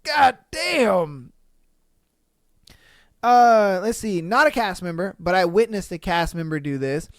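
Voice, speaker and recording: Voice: medium pitch, moderate pace, hardly any pauses, dry recording, studio quality. Laughing, profane podcast host reading stories. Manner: laughs often, profane slang, animated reactions. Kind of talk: casual reading of online stories with reactions.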